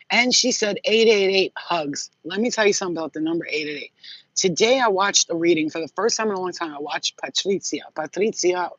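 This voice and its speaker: A husky, breathy woman chats bluntly through a channeled psychic reading, cursing freely and talking right to her viewers. The recording is dry and a little dull, with no room sound. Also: deep voice, no room sound. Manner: chatty, blunt, swears freely, addresses viewers directly. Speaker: psychic reader. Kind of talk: casual channeled reading to camera.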